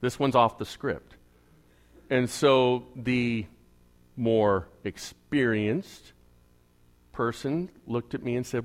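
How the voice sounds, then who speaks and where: A man preaching as an evangelical pastor, telling a story conversationally to his congregation and swinging between quiet asides and emphatic bursts. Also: mid-range voice, slow, pauses often. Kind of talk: storytelling sermon.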